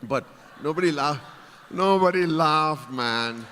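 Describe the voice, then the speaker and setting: A keynote speaker with a voice on the high side and a sharp tone takes a slow pace as he playfully teases the audience. Slight background noise mixes with the reverberant sound of the large conference hall where he stands on stage.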